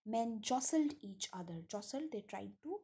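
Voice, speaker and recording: A woman's voice: a little high, expressive, moderate pace, dark tone, husky. Woman teaching a story. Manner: reads a line then paraphrases it, asking rhetorical questions. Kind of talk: explaining a story text to students.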